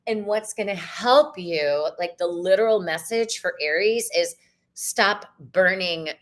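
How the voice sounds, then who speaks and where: A woman's voice: medium pitch, a little slow. Bubbly woman reading tarot live. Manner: bubbly, effusive, sprinkles in "y'all", sometimes sings. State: tired voice. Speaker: tarot reader and livestream host.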